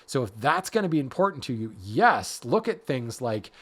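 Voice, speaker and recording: A man's voice: medium pitch, sing-song, normal speed, fairly bright tone, slightly rough. A man hosting a woodworking podcast, explaining wood grading and color in a casual, self-deprecating way that often restarts mid-sentence. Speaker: podcast host, hardwood lumber expert.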